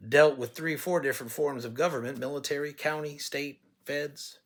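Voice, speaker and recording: Speaking at normal speed in a steady tone, a man from California who is running for office has a slightly high, somewhat bright voice. His campaign talk goes straight to listeners, folksy and blunt, built around storytelling.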